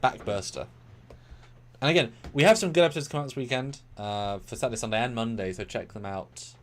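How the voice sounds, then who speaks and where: A man's voice: mid-range voice, a little fast. A man co-hosting a live review stream, talking in rambling, analytical bursts that sometimes speed up. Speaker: co-host of a live review show. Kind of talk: casual live-stream discussion.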